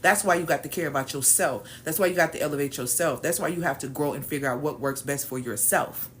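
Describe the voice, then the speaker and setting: A woman's voice: low-pitched, quick pace, a bit bright, a little hiss or hum. Emphatic, preachy woman host. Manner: emphatic, preachy, repeats key phrases. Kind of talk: motivational talk.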